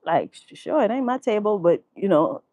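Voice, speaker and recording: A woman vlogger, telling a story in profane, animated casual commentary and laughing often. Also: medium pitch, moderate pace, no echo, dull audio.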